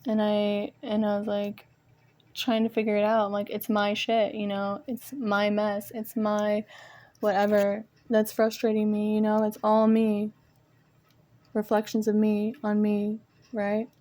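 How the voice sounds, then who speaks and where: A woman's voice: mid-range voice, monotone, a little slow, dark tone. A woman venting in a casual monologue to viewers, rambling and swearing often, with self-mocking laughs, recorded on a phone propped up at home among her art supplies. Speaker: vlogger. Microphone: phone propped nearby.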